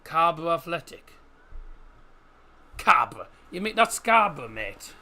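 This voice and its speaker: A man's voice: medium pitch, animated, unhurried, bright, forceful tone. A man with a Yorkshire English accent hosting a football livestream, chatting casually with viewers, thinking aloud and calling them "mate". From England. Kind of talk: casual live-stream watchalong chat.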